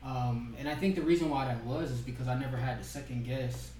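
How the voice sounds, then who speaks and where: A man's voice: medium pitch, steady tone, a little fast, dark tone. Laid-back man in a roomy echo. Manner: laid-back, lots of filler words. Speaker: podcast co-host. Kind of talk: casual chat. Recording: roomy, distant from the mic.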